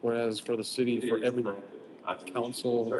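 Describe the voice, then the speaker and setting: A man talking in casual conversation, explaining things in a quick, matter-of-fact way. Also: mid-range voice, monotone. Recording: noisy background ambience.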